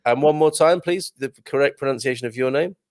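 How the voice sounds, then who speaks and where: A man's voice: mid-range voice, brisk, no echo, studio quality. A man hosting a live morning show, chatting jovially and reading out viewer comments. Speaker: show host.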